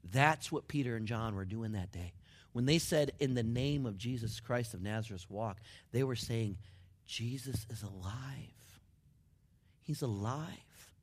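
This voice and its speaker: A man preaching a sermon, dropping to near whispers and building up to excited shouts. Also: medium pitch, moderate pace. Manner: dramatic swings from hushed to shouting. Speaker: pastor.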